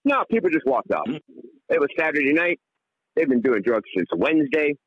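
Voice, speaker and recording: Husky Englishman, rambling and profane. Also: a little high, sing-song, moderate pace, no echo, phone-quality sound. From England. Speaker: radio caller. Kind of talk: rambling comic call-in chat.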